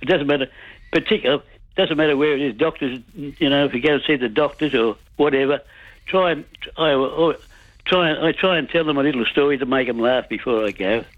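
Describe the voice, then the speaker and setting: A man's voice: medium pitch, fairly quick, dry recording. An older man calling in to a radio show, cheerful and rambling, often stumbling over his words, heard over a tinny phone line. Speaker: caller. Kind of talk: phone-in chat.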